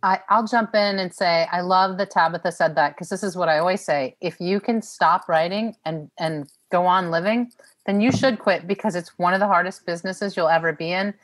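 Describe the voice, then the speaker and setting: A woman's voice: on the low side, moderate pace. A woman, a writer on a panel, speaking earnestly and encouragingly over a video call. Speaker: panel guest, author. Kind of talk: casual panel conversation.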